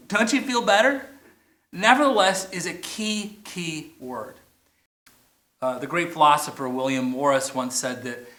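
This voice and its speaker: A pastor with a medium-pitched, slightly bright voice preaches a playful sermon in an echoey church, stretching single words for emphasis. The message is shown on a big screen outdoors.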